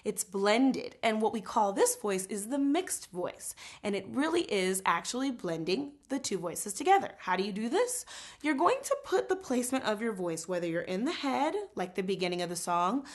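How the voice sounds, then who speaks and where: A woman teaching a casual singing lesson, animated and explaining with quick spoken and sung examples. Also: mid-range voice.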